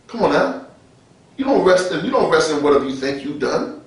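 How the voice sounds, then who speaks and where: High-voiced man preaching in an echoey room. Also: sing-song, brisk, far from the mic. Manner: colloquial, street-talking, chuckling, frequent restarts. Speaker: preacher and radio host. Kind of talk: informal online radio sermon. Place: his office. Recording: very echoey room, speaker off-mic.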